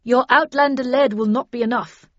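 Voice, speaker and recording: A woman narrator puts on a stiff, by-the-book male agent who speaks with firm emphasis. The lines come out louder than the narration. The audio is dry and slightly dull. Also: sits high, fairly even intonation, moderate pace, no echo, pitched above the performer's own voice. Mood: matter-of-fact. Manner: stiff, rule-bound, emphatic.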